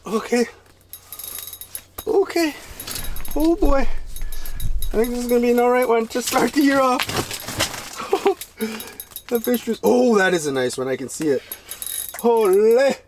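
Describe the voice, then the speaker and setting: Excitable man vlogging out on the ice. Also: extremely high pitch, a little slow, pauses often, a little hiss or hum. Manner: excitable, bursts into loud exclamations. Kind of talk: casual outdoor vlog commentary. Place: ice fishing spot on a frozen lake.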